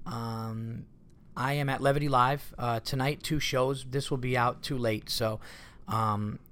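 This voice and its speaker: A comedian hosts his own solo podcast, rambling casually, swearing a lot and getting exasperated easily. His voice is medium-pitched and a little bright, with a steady tone and an unhurried pace.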